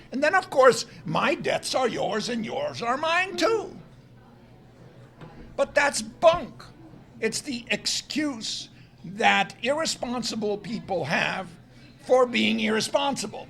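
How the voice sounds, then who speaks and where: Male lecturer, high voice with a gravelly edge, emphatic and argumentative. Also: sing-song, slow pace, fairly bright tone. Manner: emphatic, argumentative, stresses key words. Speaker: guest lecturer. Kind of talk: public lecture. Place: restaurant event room.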